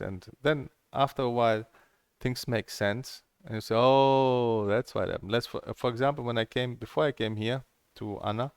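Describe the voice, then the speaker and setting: A man's voice: medium pitch, dry recording, studio quality. A middle-aged man, a table tennis coach, rambling candidly through stories and plans, swearing freely as he talks. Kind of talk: casual rambling monologue.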